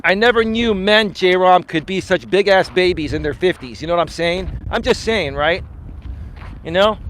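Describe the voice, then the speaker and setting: High-voiced man, boastful and teasing. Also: moderate pace, a bit bright, slight background noise. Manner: boastful, teasing, laughs at his own jokes; swears casually. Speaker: life coach hosting a live stream. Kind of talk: casual live-stream chat.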